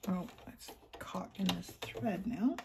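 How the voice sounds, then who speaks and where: A woman chatting casually through a craft tutorial, thinking aloud as she works and often clearing her throat. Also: on the low side, slow pace, background noise. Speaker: craft vlogger.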